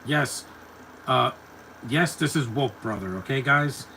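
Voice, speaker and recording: A man's voice: medium pitch, slow, bright, forceful tone, slight background noise, rough recording. Rambling man doing casual movie commentary. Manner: rambling, stumbles and repeats words, chuckles to himself.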